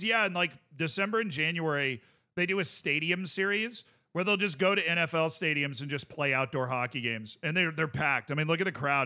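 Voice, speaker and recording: A man's voice: a little high, sharp tone. A male streamer chatting casually while reacting to clips, enthusiastic and rambling, full of fillers.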